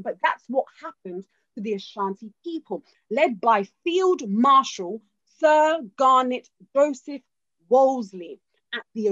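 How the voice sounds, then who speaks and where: An emphatic woman giving an informal history talk, often checking that her listeners are following. Her voice sits fairly high and comes through a dull, lo-fi recording with a dry sound. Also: fairly bright tone, dry recording. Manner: emphatic, keeps checking in with "okay?". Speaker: speaker.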